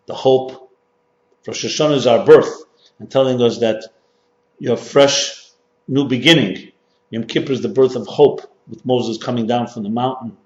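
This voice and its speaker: Emphatic rabbi in an echoey hall. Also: male voice, mid-range voice. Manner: emphatic, repetitive, rising to stress points. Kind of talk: sermon-style workshop lecture. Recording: dull, echoey hall recording.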